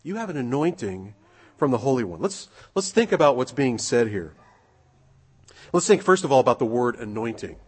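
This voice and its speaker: A man preaching a sermon in a relaxed, conversational way, asking his listeners rhetorical questions and pausing on fillers. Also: mid-range voice. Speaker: pastor. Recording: husky voice with long hall reverb.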